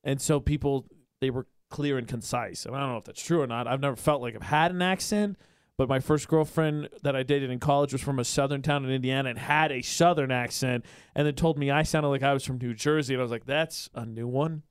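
A man's voice: mid-range voice, fairly even intonation, fast, clear, resonant tone, dry recording. A man from the Midwest co-hosting a casual podcast chat, joking and teasing his co-hosts, into a studio mic. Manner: joking, laughs often, teasing. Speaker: podcast co-host, radio host.

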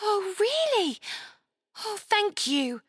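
A woman's voice: very high-pitched, very animated, very slow, no echo, clean studio sound, voice pushed up, exaggerated voice. A woman reading aloud, voicing an earnest young girl who stumbles as she starts to speak. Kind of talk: storybook reading.

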